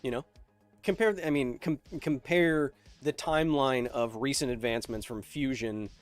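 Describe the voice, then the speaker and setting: A man's voice: medium pitch, moderate pace, smooth, faint music behind. Rambling male livestream host. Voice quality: rambling, filler-heavy, reads chat questions aloud. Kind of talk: livestream Q&A chat.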